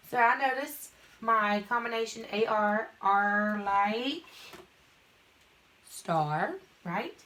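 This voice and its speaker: Young female teacher, bright higher voice, patient step-by-step phonics lesson delivery. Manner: patient, walks through each word step by step.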